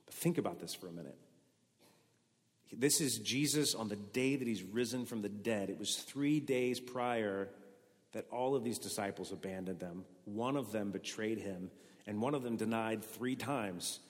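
Male pastor mid-sermon, a bit low-voiced, dynamic delivery from loud to hushed, long church-hall reverb. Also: normal speed. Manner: animated, swings from loud bursts to soft intimate lines.

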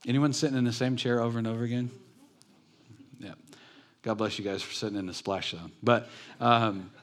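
A man's voice: mid-range voice, fairly quick. A man preaching a sermon in a church, talking in a conversational, joking way with his congregation. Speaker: pastor. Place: church building.

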